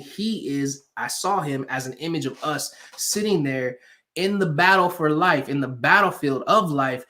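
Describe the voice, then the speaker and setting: A man giving an animated motivational talk to a live online audience, preacher-like, repeating phrases for emphasis and asking viewers for hearts and comments. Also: a little high. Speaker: motivational speaker.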